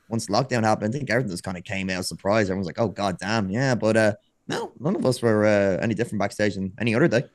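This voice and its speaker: A man, a podcast guest telling wrestling stories in a casual, animated way, acting out quoted dialogue. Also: medium pitch, no room sound, clean studio sound. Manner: animated, acts out quoted dialogue, frequent restarts. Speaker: podcast guest, former wrestler turned streamer. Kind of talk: casual storytelling chat.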